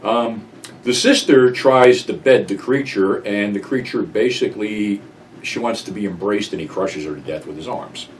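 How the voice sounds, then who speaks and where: A man's voice: lowish voice, moderate pace. An older man telling a rambling, profane story about a night out. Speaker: channel host recounting memories. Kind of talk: casual storytelling monologue. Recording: voice a bit distant from mic, faint room noise.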